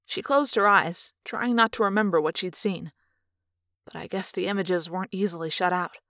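A woman's voice: fairly low pitch, moderate pace, sharp tone, no echo. A woman reading a first-person audiobook aloud in an earnest, subdued way on a close microphone. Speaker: reader.

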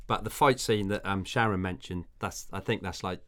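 A man's voice: low voice, moderate pace, fairly bright tone. A man chatting about a film in a rambling, hesitant way, with many fillers. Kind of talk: casual film discussion.

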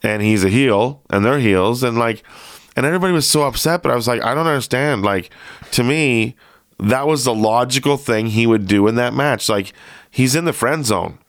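A man hosting a casual interview, chatty and animated, laughing often. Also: medium pitch, moderate pace, dry recording, clean studio sound. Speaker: podcast host.

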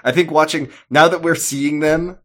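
A man's voice: a little high, steady tone, moderate pace, fairly bright tone. A man co-hosting a podcast, recapping a TV episode in a casual, rambling and jokey way. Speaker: podcast co-host.

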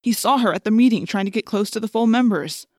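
A tough teenage girl who is rattled and stammers out her words in a rush, as a woman narrator puts her on. Her voice sits high above the reader's own, with a mellow, dark tone and a dry, close sound. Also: fast talker, no echo, natural voice. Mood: alarmed. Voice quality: stammering, urgent.

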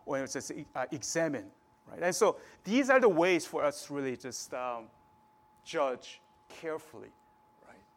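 A man's voice: on the high side, expressive, normal speed. A man preaching a sermon in a conversational way, often checking in with the listeners. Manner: conversational preaching, frequent "right?" tags.

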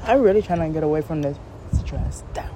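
A woman's voice: sits low, fairly quick. Woman host, casual venting monologue, outdoors on phone, faint traffic behind. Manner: rambling, venting, animated asides. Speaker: podcast host. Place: outdoors in the shade.

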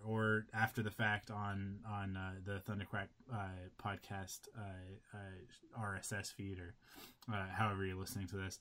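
A man's voice: lowish voice, a bit bright. A man hosting a podcast, signing off in a loose, rambling way with lots of fillers. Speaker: podcast host. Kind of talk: casual podcast chat.

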